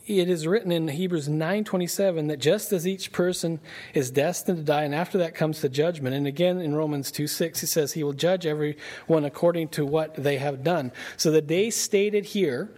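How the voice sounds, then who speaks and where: A man preaching a Bible-study sermon in a conversational way, asking his listeners rhetorical questions and slowing down to read scripture aloud. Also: a little high, a little mellow.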